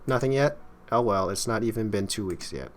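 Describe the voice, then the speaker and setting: A sugary, doting young girlfriend with a bossy streak, read out by a man. The voice sits low and unpolished, like a player reading game dialogue aloud at home. A soft hum of background noise stays under it. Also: fairly quick, close to an everyday voice. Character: sweet but controlling young woman, girlfriend.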